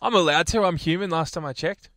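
A young man co-hosts a radio show in a fairly high voice, wandering through stories and restarting his sentences. The studio sound is dry and close. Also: fast, fairly bright tone, no echo. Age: 20s. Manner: rambling, reminiscing, with frequent restarts. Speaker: radio co-host. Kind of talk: casual radio banter.

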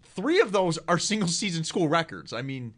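A man's voice: a little high, very animated. Opinionated man in casual draft talk. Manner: quick, opinionated, restarts a lot. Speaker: co-host of a draft show.

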